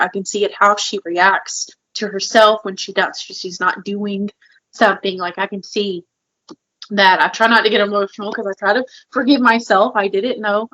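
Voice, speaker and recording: A woman co-host speaks candidly and with emotion about her own experiences, often dropping in a filler "like" as she goes. Her voice sits at an ordinary pitch for a woman. The recording is somewhat dull and lo-fi. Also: pushed and bright. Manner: open, emotional, heavy filler "like". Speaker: podcast co-host. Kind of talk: candid personal conversation.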